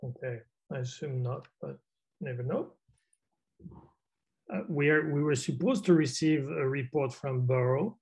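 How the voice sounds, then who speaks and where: A man's voice: mid-range voice, measured pace, long pauses, darkish tone, low-quality recording. A man chairing a video-call meeting in an easygoing, chatty way, with hesitant fillers. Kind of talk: casual meeting talk.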